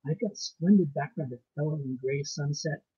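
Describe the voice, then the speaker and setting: A man reading a ghost story aloud in a measured, formal storytelling manner. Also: a little high, warm tone, breathy edge. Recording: dull lo-fi recording.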